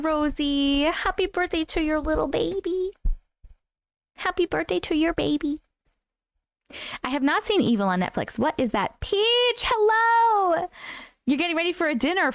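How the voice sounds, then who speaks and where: A woman's voice: high-pitched, no room sound. A woman hosting a live stream, greeting her chat viewers one by one in a bubbly, playful way. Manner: bubbly, playful, trying silly accents. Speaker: host of a live stream reading weird stories.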